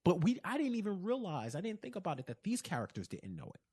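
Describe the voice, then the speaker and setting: A man's voice: high-pitched, wildly swooping pitch, fast talker, darkish tone, slightly rough. A man co-hosting a casual podcast recap of a TV episode, quoting scenes, laughing often and restarting his sentences. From Caribbean family. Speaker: podcast co-host.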